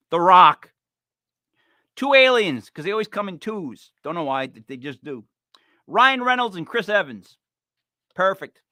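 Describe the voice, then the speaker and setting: Animated, joking podcast host man. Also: high voice, no room sound, clean studio sound. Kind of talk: casual comedic chat.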